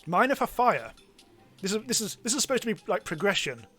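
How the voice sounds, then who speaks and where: Excitable man streaming a game. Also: high-pitched, a little fast, husky, no echo, faint music behind. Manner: chatty, self-mocking, bursts into excited yelps. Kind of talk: live let's-play commentary.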